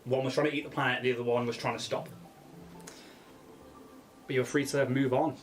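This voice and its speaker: Laughing game master. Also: male voice, medium pitch, level tone, brisk, soft background music. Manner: rambling, laughs often. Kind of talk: narrating a tabletop game.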